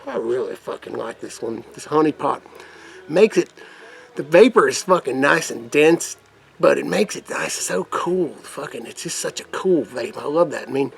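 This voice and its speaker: Gravelly, foul-mouthed man rambling. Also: on the high side, animated, normal speed. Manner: profane, crude, rambling; put-on rough redneck persona. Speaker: vape mod reviewer. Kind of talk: casual product demo vlog.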